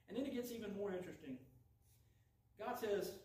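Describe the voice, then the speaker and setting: A man's voice: high voice, a little fast, pauses often. A man preaching a folksy, conversational sermon, retelling a story and acting out the lines of the people in it. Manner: folksy and animated, acts out quoted lines. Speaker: preacher teaching a Bible study. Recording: echoey room, voice from a distance.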